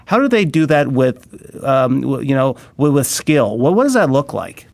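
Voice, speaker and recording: A man's voice: medium pitch, sing-song, normal speed, vocal fry, a little mellow, no room sound. Earnest male pastor interviewing a guest. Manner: earnest, enthusiastic, repeats words while thinking. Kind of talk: casual interview conversation.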